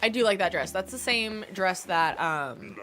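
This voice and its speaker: A woman's voice: medium pitch, lively intonation, a little slow, fairly bright tone, soft background music. A young woman streaming a game, chatting casually and answering her chat, with a stuffy nose. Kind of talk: casual chat while gaming.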